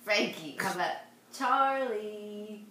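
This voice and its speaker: A young woman patiently coaxing a toddler to say names, repeating them slowly and laughing softly. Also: medium pitch, animated, crowd noise. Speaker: parent coaching a toddler to say names. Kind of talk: home video, coaxing a child. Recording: echoey room.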